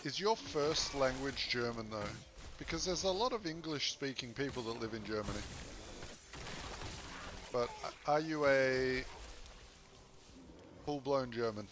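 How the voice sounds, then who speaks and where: Man streaming a game, loose and joking, mid-pitched voice, steady noise behind him. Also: measured pace, pauses often. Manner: loose, joking, chatty with viewers. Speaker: gaming streamer. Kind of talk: casual live-stream chat. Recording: noisy background.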